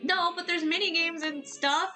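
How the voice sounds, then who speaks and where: A woman game streamer chatting casually while she plays, excitable and giggly, swearing casually. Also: very high voice, normal speed, soft background music.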